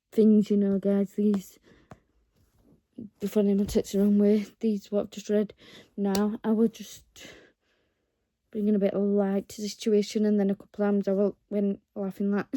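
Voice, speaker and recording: A woman talks to her viewers in an unhurried, rambling vlog, earnest and encouraging. Her voice is deep-toned and very mellow, with little rise and fall. It sounds close and dry, with no room around it. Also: no echo. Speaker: vlogger. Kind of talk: casual talk to camera.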